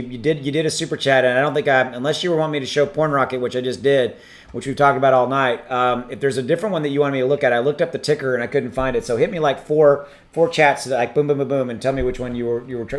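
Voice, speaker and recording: A man's voice: medium pitch, fairly even intonation. Rambling man hosting a live chat. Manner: rambling, halting, many ums and restarts. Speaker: crypto livestream host. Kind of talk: casual livestream chat reading super chats.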